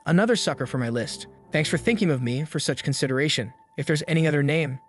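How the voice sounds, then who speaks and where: A smug, scheming young schemer from a comic recap, put on by a man. The voice sits a little high and stays sly and self-satisfied, with soft music faint in the background. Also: quick pace, close to an everyday voice.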